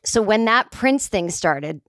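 A woman's voice: mid-range voice, expressive, slow pace, a bit bright. A woman in her forties telling a casual, rambling anecdote. She mocks herself and swears freely. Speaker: comedic storyteller.

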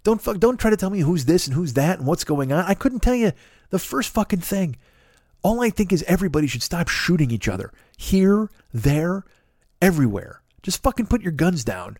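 A man's voice: high voice, very animated, moderate pace, a little mellow, no room sound, clean studio sound. A man hosting a podcast, talking in a rambling, profane, self-mocking comic monologue. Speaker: podcast host.

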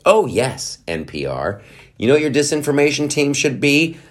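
A man hosting a podcast, riffing sarcastically through casual political commentary with quick mock voices. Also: medium pitch, sing-song. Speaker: podcast host.

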